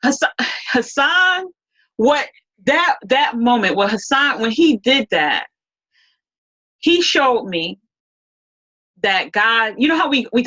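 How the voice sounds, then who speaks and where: A fairly high-voiced woman tells a story as an interview guest, rambling along with restarts and bits of quoted dialogue. The sound is dull and lo-fi. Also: very animated, slow pace, pauses often, pushed and bright. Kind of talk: casual storytelling.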